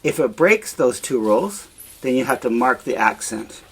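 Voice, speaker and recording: A man teaching a Spanish grammar lesson, explaining slowly and repeating each example in both languages. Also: medium pitch, big pitch swings, fairly bright tone, breathy edge, low-quality recording. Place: home, dogs nearby.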